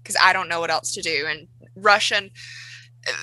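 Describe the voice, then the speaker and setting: A woman's voice: fairly low pitch, normal speed, pushed and bright, no room sound, low-quality recording. A woman playing a tabletop game, blunt and swearing, in casual chat. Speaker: player.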